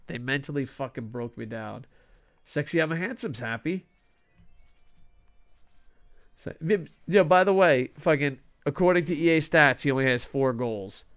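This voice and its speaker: A man casually commenting over a hockey video game, excitable, swearing often and talking to himself. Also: medium pitch, clean tone. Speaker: gaming streamer.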